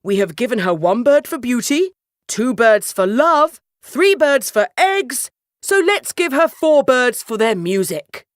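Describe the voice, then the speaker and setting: A jolly storybook king voiced by a woman, slightly high and full of lively swoops, unhurried and grand. Every line lands with hearty emphasis. The voice sits dry and close to the mic. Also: no echo. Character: jolly, generous old king, grand and eager. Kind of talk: storybook character voice.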